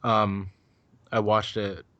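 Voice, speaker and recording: A man with a deep, low voice talks in a loose, rambling way, swearing freely as he chats on a podcast. The sound is dry and close, with no room around it. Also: little pitch movement, slow pace, fairly bright tone, no room sound, highs cut off. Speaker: podcast co-host. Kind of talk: casual chat.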